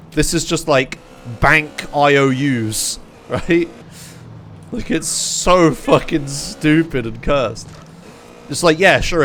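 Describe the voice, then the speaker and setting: A young man from England talks casually to his live-stream chat, his voice sitting a little high. He rants in animated disbelief, swearing often and laughing between remarks. A faint background noise sits under the desk-mic recording. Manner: animated, incredulous ranting with frequent swearing and laughs.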